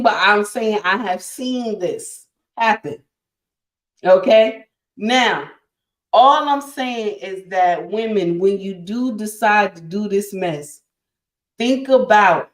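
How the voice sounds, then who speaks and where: A woman's voice: medium pitch, roomy sound. A woman hosting a casual relationship talk to her live chat, emphatic and repetitive, calling listeners honey and my dear. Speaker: livestream host.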